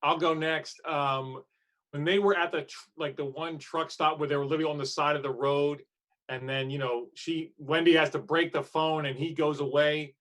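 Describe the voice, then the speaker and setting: A man's voice: on the high side, fairly even intonation, normal speed, a bit bright. A man co-hosting a casual TV aftershow, agreeing readily and quoting scenes. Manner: chatty, agreeable, quotes scenes. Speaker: aftershow co-host. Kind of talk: casual TV recap chat.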